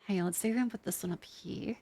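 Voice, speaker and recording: A woman's voice: medium pitch, rapid-fire, warm tone, breathy edge. A young adult woman streamer chatting casually and rambling, with many fillers and some swearing, while testing tracking gear. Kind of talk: casual live-stream chat.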